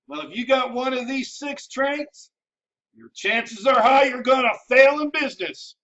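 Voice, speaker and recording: Brash high-voiced man ranting. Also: unhurried, sharp tone, distant mic, dull audio. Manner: brash, mocking, jokey put-on accent. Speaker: host. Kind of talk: blunt motivational rant. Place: home office.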